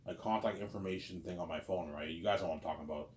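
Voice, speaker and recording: There's a slight hiss or hum behind this low, a little mellow male voice as a vlogger in his thirties talks fast. His casual monologue rambles and repeats, full of "obviously" and "you know what I'm saying."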